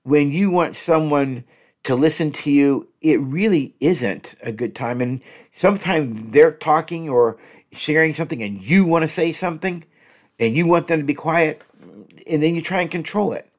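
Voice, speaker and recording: A man's voice: a little high, normal speed. A man hosting an instructional podcast, talking straight to his listeners as folks and repeating each example phrase twice. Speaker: podcast host and relationship coach.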